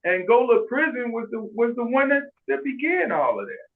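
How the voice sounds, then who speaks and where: A man telling stories in casual chat on a video call, animated, acting out quoted voices and often restarting his sentences. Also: very high-pitched, moderate pace. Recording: tinny phone-like video call audio.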